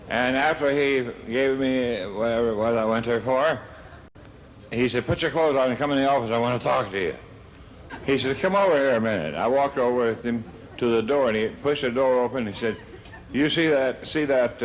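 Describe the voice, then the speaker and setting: An older man telling comic stories in a slow, halting way, stumbling and restarting his words. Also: medium pitch, a little hiss or hum. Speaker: comedian. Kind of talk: stand-up storytelling.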